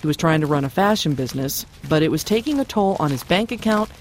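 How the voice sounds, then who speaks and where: A man hosting a radio show, introducing guests and segments in a measured, even way. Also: fairly high pitch, slight background noise. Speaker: radio host.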